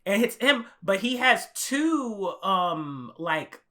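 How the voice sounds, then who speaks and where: A young man co-hosting an anime podcast, telling a story in an animated, profane way and acting out his own reactions. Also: high voice, slow pace. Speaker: podcast co-host. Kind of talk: casual podcast chat.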